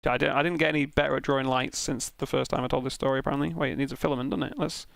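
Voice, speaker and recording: A young man casually telling an animated, sweary anecdote while streaming a sim race. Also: medium pitch, very fast, vocal fry, no echo. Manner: animated, swearing, self-mocking anecdote with laughs.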